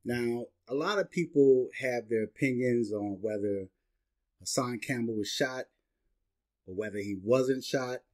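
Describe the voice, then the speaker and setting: A man's voice: medium pitch, measured pace, darkish tone. A middle-aged man with a slight lisp, talking casually straight to his viewers and checking in with "right?" and "okay?". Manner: chatty, repeats "right?" and "okay?". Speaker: vlogger. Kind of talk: casual monologue to camera.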